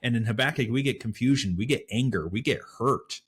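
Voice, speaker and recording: A man co-hosting a casual Bible study podcast, talking in a thoughtful, animated way with frequent fillers. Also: mid-range voice, brisk, breathy edge. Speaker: podcast co-host.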